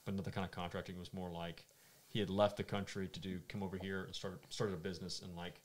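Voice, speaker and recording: A man's voice: low voice, flat delivery, quick pace. A young man hosting a casual podcast chat, rambling through stories and swearing casually. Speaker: podcast host.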